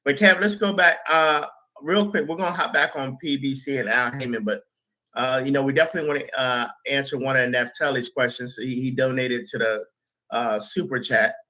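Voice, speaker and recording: Host guy with a bright edgy voice, just chatting easy with his guest. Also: medium pitch, fairly even intonation, brisk. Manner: conversational, reads viewer questions. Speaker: show host. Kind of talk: casual interview.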